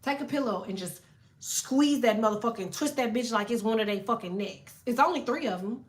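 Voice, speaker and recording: Brief: brash woman tarot streamer, fairly high voice, swears constantly, animated and laughing. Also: fairly quick. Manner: profane, animated, laughing, reads chat aloud. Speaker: tarot reader. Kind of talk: live tarot stream chat.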